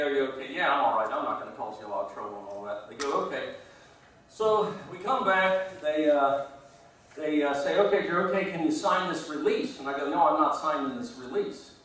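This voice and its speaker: In an echoey meeting hall, captured from a distance, a man with a slightly high, somewhat bright voice tells a long, meandering anecdote as a guest speaker, chuckling along at his own tale.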